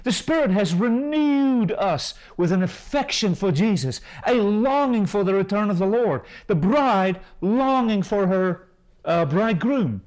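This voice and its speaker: A man preaching a sermon as a pastor and Bible school teacher, impassioned, swinging between loud rises and hushed drops. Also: high voice, animated, unhurried, low-quality recording.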